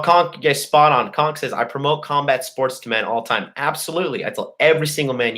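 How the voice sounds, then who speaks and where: A man with a mid-pitched voice, casually telling a boastful, profanity-filled story to his viewers. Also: fairly bright tone. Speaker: host. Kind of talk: casual storytelling to a live chat.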